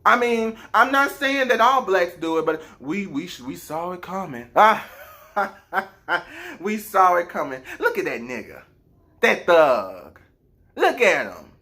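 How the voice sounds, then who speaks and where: A man's voice: high-pitched, very animated, slow, sharp tone, exaggerated voice. A man voicing a callous, dismissive middle-aged stepmother who talks in a flippant, sneering way.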